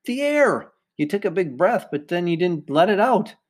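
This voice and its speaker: A man's voice: medium pitch, normal speed, darkish tone, lightly acted. Patient teenage swim teacher, encouraging, put on by a male reader. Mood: coaxing. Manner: coaxing, encouraging.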